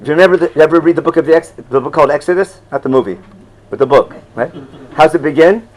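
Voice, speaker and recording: A man's voice: a little high, fast talker, low-quality recording. An older man teaching a Torah class in a loose, conversational way, often asking "you follow?" and chuckling at his own asides.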